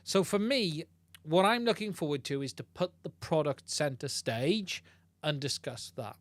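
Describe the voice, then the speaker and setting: A man hosts a casual livestream, talking in a chatty, self-deprecating way and often repeating himself. His voice sits a little high and sounds dry and close, recorded on a studio mic through a podcast mixer. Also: animated, a little slow, dry recording. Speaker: livestream host.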